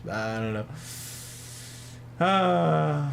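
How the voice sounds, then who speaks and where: A man's voice: fairly high pitch, lively intonation, very slow, gravelly, long pauses, pushed and bright, a little hiss or hum. A man streaming a game at his desk, joking with chat, teasing over mispronunciations and laughing often. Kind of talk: casual livestream chat with viewers.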